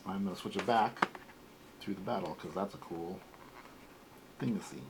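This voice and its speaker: A man in his forties hosting a casual toy unboxing, talking in a relaxed, rambling way. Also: low voice, moderate pace, background noise. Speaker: toy collector host.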